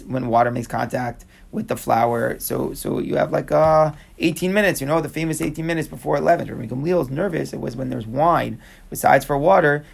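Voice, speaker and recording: A man teaching a Talmud page in a quick, conversational way, mixing in Hebrew and Aramaic terms. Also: mid-range voice, vocal fry, breathy edge.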